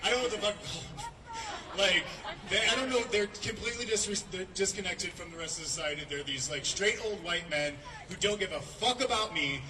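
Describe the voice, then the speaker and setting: Give me an angry profane man at a protest, heard from a distance over a loud crowd. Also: high-pitched, fairly quick. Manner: angry, profane, shouting with bursts of laughter. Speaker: protest rally speaker, labor organizer. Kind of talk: impassioned rally speech. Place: outdoor street protest. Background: loud crowd and street noise.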